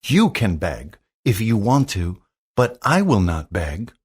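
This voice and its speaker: A proud, indignant boy king from a storybook, as a man reading aloud plays him, haughty and quick to take offence. He speaks slowly, and his pitch rises and falls widely. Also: very animated, darkish tone, slightly rough, full character voice.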